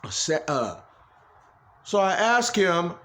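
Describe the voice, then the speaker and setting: A man's voice: high-pitched, sing-song, slow, fairly bright tone. A man talking straight into a phone camera in a rambling personal monologue, agitated, swearing freely and repeating himself. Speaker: vlogger.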